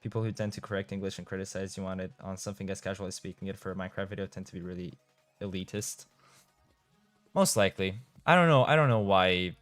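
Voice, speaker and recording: A man's voice: sits low, fairly even intonation, fast, no echo, faint music behind. A young man from Europe, chatting casually on a game live stream, reading out and answering chat and laughing often. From Eastern Europe. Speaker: gaming streamer.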